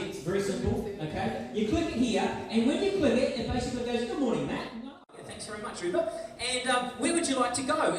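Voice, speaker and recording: A man with a New Zealand accent giving a school worship talk as guest speaker, chatty and acting out little scenes in voices. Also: sits high. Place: large school hall. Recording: echoey hall from far off.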